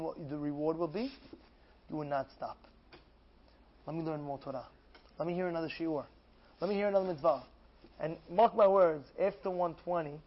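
A man giving an animated Torah class as a rabbi, acting out dialogues and repeating phrases with mounting excitement. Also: fairly high pitch, highs cut off. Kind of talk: animated sermon.

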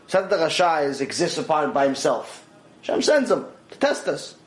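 Male lecturer, higher voice that swings widely, narrates a teaching story with acted-out dialogue; roomy echo. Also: brisk. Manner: animated, acts out dialogue in quoted voices. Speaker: Torah teacher.

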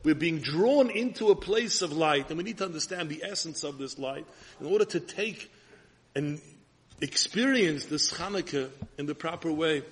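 A man with an Ashkenazi Hebrew pronunciation giving an earnest sermon as a rabbi, his voice husky. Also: fairly high pitch, animated, normal speed.

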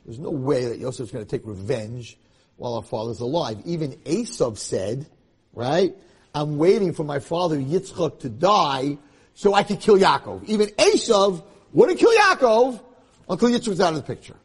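Animated, husky-voiced man lecturing on scripture. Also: on the high side, normal speed. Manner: animated, swings between hushed and loud passionate emphasis. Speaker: rabbi. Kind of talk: Torah lecture.

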